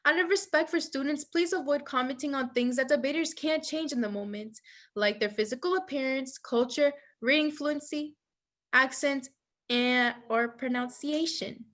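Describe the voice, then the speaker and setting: A woman with a high voice leads a training presentation. She reads slide text aloud and then explains it in her own words. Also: moderate pace, fairly bright tone. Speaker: debate judge trainer. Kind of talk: instructional presentation.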